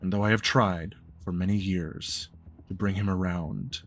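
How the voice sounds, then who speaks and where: Man voicing vampire elder, male, stern, measured, formal, lowish voice. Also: fairly even intonation, slight background noise.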